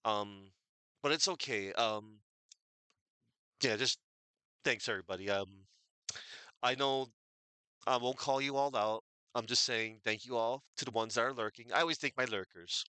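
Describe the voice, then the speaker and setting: A man's voice: medium pitch, normal speed, long pauses, pushed and bright, smooth, no room sound. A man, rambling casually and thanking his viewers as he signs off a stream. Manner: rambling, thankful, chatty with fillers. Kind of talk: casual stream sign-off chat.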